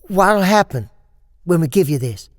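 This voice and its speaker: A woman's voice: on the low side, expressive, unhurried, no room sound, studio quality, voice pushed up. A woman voicing a wary, thoughtful young boy who questions things cautiously. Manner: cautious, reasoning. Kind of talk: horror story reading.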